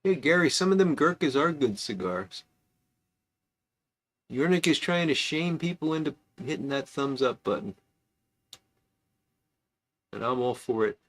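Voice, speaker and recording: A man's voice: medium pitch, animated, unhurried, long pauses, a bit bright. A man hosting a casual livestream, chatting loosely and reading out viewer comments with asides. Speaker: livestream host.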